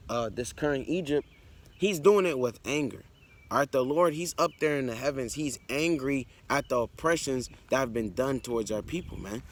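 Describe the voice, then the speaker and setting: Reading a scripture passage aloud and then explaining it, this preacher talks bluntly and conversationally in a medium-pitched, slightly bright voice. Along the way he keeps checking in with "all right" and "man."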